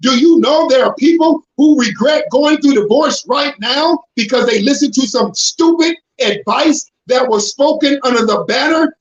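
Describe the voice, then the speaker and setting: High-pitched male preacher who pushes hard and shouts for emphasis, recorded roomy and lo-fi. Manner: emphatic, confrontational, with sudden shouted bursts. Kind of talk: preaching to a congregation. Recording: roomy, dull lo-fi sound.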